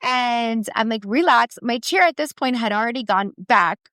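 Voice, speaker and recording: A middle-aged woman co-hosting a podcast, telling a story in casual chat with many restarts and halting repeats. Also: fairly high pitch, fairly bright tone, no echo. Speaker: podcast co-host.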